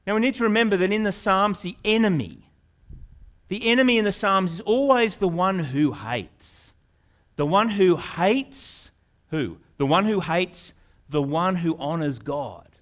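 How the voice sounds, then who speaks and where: A male pastor preaching a sermon in an earnest manner, repeating words and rising into loud, pleading questions. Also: sits high, expressive, unhurried.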